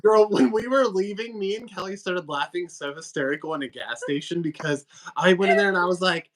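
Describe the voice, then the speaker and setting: A woman's voice: lowish voice, fairly quick. A woman co-hosting a casual livestream chat, a chatty storyteller who laughs often. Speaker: livestream co-host.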